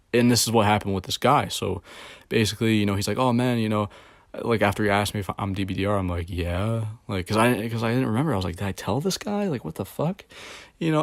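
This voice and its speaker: Low-voiced man ranting casually, dry sound. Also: dry recording. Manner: rambling, swears often, many fillers; confused, exasperated. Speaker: video blogger. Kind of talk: casual rant to camera.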